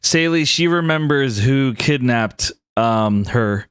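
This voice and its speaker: A man running a tabletop game as game master, explaining what the characters do in a halting way with frequent restarts. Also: mid-range voice, animated, fairly bright tone, smooth, no room sound.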